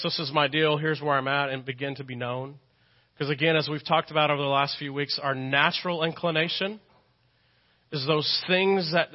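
A Texan man preaching from the pulpit in a fairly high, light voice. He talks in an earnest, conversational way and hammers his points home by repeating them. The recording sounds dull and lo-fi. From Texas. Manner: earnest, repeats phrases for emphasis; conversational, with self-deprecating asides. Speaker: pastor. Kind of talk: sermon. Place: church sanctuary.

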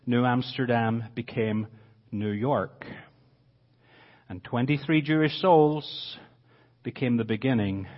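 A man in his fifties preaching to a church congregation as a visiting mission speaker, swinging from loud declarations to hushed drops. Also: mid-range voice. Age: 50s. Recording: dull lo-fi recording.

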